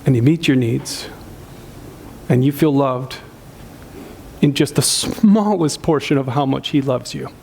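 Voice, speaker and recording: A man's voice: a little high, a little mellow, a little hiss or hum. A man preaching a sermon as pastor of a church, telling a story earnestly and often restarting his sentences.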